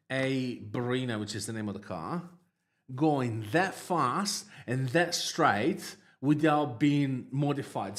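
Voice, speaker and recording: A man hosting a livestream, telling a personal story in a casual, halting way, with lots of fillers and restarts, laughing at his own tale. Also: on the high side. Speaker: livestream host.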